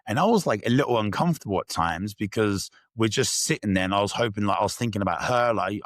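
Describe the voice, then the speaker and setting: A man's voice: fairly low pitch, lively intonation, fast, hardly any pauses, no echo, clean studio sound. A man, talking as a podcast guest in a candid, reflective way. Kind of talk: casual interview storytelling.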